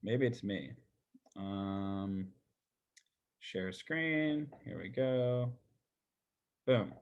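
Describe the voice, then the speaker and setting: A man's voice: on the low side, drawn-out words, a little mellow, clear, resonant tone, muffled recording. Chatty male sales coach, full of fillers. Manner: loose and chatty, with many fillers and repeated words. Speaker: real estate sales coach. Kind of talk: casual coaching on a group video call.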